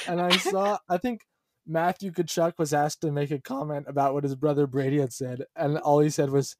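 A man co-hosting a casual podcast, chatty and animated, often laughing as he talks. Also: fairly high pitch, normal speed, no room sound. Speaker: podcast co-host.

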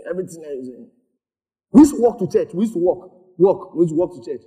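Animated pastor preaching. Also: male voice, on the high side, quick pace. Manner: animated preaching, calls for responses, laughs often. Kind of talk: sermon.

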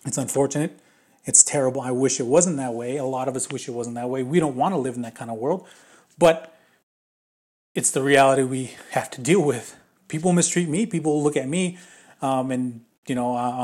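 A man's voice: mid-range voice, darkish tone. Rambling young man talking casually. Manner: rambling, many fillers and restarts. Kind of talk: casual spoken movie opinion.

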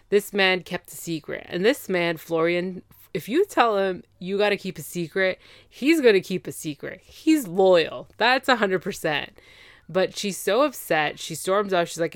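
Female podcast host, lowish voice, dry close sound, chatty and opinionated recapper. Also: no echo. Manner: opinionated, exasperated, gossipy, acts out quotes.

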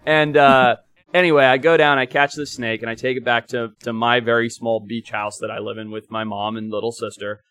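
A young man from Africa, co-hosting a podcast, telling stories in an animated, emphatic way, sometimes swearing. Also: mid-range voice, moderate pace, clean tone, no echo. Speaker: podcast co-host. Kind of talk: casual chat and storytelling.

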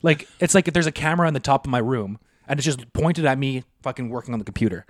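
A man's voice: mid-range voice, quick pace, no room sound, studio quality. A young man co-hosting a podcast, rambling casually with swearing and restarts. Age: young adult. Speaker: podcast co-host. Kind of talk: casual chat.

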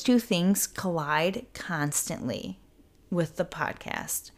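A woman's voice: medium pitch, measured pace. A woman hosting her own podcast, talking casually in a rambling, self-interrupting way and swearing freely. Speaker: podcast host. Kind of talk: casual solo podcast talk.

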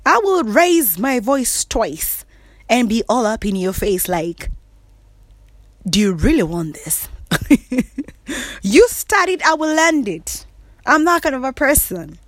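A woman's voice: high voice, very animated, takes it slowly, dry recording, studio quality. Sassy woman talking from bed. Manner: sassy, emphatic, frequent laughs and throat clearing. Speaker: vlogger. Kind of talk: casual monologue to camera. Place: in bed at home.

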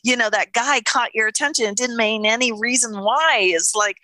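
A woman co-hosting a casual podcast, telling stories with lots of laughter and sudden excited jumps in her voice. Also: moderate pace, no echo. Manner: animated storytelling, laughs often, jumps into high excited voices. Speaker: podcast co-host. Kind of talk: casual spiritual podcast chat.

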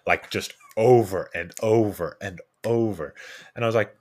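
A man's voice: fairly low pitch, normal speed. A young adult man co-hosting a podcast, telling a work story casually, acting out the people he quotes and restarting his sentences. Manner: animated anecdote-telling with quoted voices and restarts. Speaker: podcast co-host.

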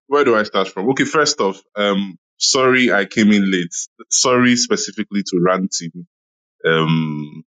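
A man's voice: fairly low pitch, fairly bright tone, poor audio. A man in a casual online audio room discussion, chatty and laughing, with many "you know"s. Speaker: Clubhouse room speaker.

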